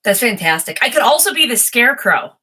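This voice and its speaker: A woman's voice: on the high side, very animated, fairly quick, sharp tone, slight background noise. A woman doing a casual, chatty tarot reading, rambling and easily distracted, often giggling.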